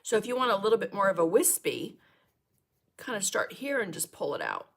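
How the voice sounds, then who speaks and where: A woman's voice: mid-range voice, big pitch swings, fairly quick, vocal fry. A chatty middle-aged woman teaching a live painting lesson, talking viewers through each brush step. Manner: chatty, greets viewers and coughs and laughs between steps.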